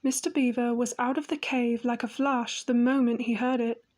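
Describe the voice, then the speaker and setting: A woman narrating a children's fantasy audiobook in a gentle, even manner. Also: on the high side, normal speed. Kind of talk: storybook narration.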